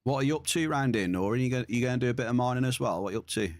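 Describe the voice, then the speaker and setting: A man streams a game, chatting casually and reading and answering his viewers' messages. His voice is medium-pitched and he talks at a racing pace.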